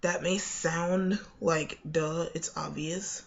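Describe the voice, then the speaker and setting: Chatty young woman with a gravelly voice. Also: deep voice, steady tone, slow, muffled recording. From United States. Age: young adult. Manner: chatty, explains with many fillers and restarts. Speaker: accent coach. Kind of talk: casual video lesson.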